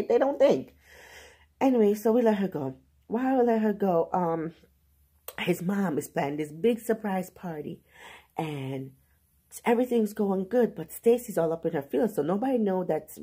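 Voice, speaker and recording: Woman vlogging about a book, slangy and chatty, low husky voice. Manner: animated, slangy retelling with asides. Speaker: book reviewer. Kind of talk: casual book review vlog.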